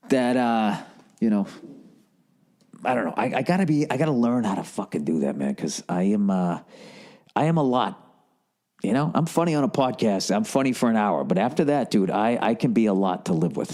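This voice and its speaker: A man rambling through a comic story on a podcast, profane and self-mocking, jumping up in pitch when he quotes people. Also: darkish tone. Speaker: comedian podcast host.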